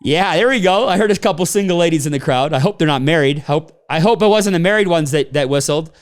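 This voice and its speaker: A business trainer gives a motivational talk to a live audience, telling personal stories and acting out the people in them. His voice is on the high side, with lively intonation and a quick pace.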